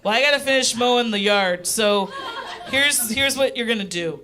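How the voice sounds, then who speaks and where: A woman voicing her blunt older father in a flat, matter-of-fact, hesitant way, over live crowd laughter. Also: fairly high pitch, normal speed, close to an everyday voice. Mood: deadpan.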